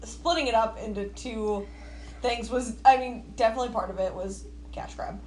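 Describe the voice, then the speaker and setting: Animated woman in an echoey room. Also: fairly high pitch, slight background noise. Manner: animated, jokey, quick to exclaim. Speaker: podcast co-host. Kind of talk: casual chat.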